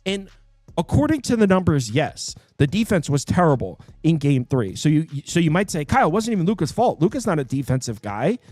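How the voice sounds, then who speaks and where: A man hosting a sports betting picks show, talking casually and quickly, full of fillers and quick asides. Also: fairly high pitch, no room sound. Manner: animated, quick, with fillers and self-interrupting asides.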